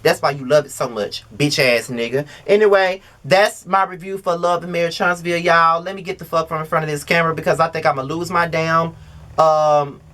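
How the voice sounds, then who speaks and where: A man recapping a reality TV episode to camera in a heated, profane rant, yelling at times. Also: fairly high pitch, steady tone, a little fast. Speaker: reality TV reviewer.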